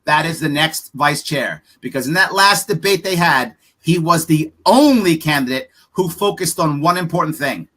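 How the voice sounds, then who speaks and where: Animated, blunt man on a podcast. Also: fairly high pitch. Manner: emphatic and blunt, rapid rhetorical questions; profane, frank. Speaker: political candidate guest. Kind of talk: podcast interview.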